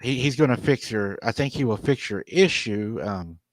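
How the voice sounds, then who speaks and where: A man's voice: medium pitch, lively intonation, normal speed, no echo. Easygoing male host asking questions. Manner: easygoing, asks plain questions. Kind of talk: casual chat.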